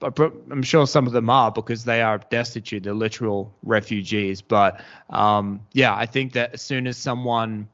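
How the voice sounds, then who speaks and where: A man hosting a casual podcast chat, talking in a rambling, halting way full of restarts. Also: on the low side, fairly even intonation, fairly bright tone. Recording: dull lo-fi podcast audio.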